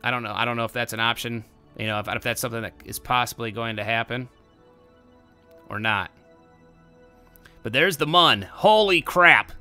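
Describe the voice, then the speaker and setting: A young man giving casual let's-play commentary, excitable and bursting into loud exclamations. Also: mid-range voice, clear, resonant tone. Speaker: gameplay commentator.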